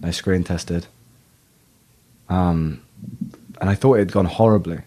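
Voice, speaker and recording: A man's voice: low voice, a little slow, warm tone. A man, an actor, telling stories in a casual interview, laughing often at himself. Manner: laughs often, self-deprecating. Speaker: actor guest.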